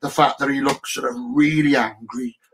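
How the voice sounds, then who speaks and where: A man's voice: mid-range voice, steady tone, moderate pace, a bit bright, slight background noise. Man, guest, casual chat, wry, self-mocking, storytelling.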